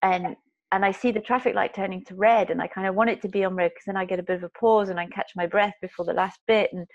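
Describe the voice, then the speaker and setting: A woman's voice: medium pitch, fast talker. A woman telling a personal story in casual conversation, rambling with many restarts and fillers and acting out voices. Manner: animated, acts out quoted voices. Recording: slightly muffled recording.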